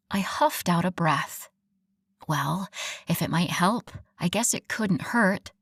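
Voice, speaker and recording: A woman narrating a first-person romance audiobook in an expressive, wry storytelling manner. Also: on the low side, takes it slowly, breathy edge, dry recording, clean studio sound.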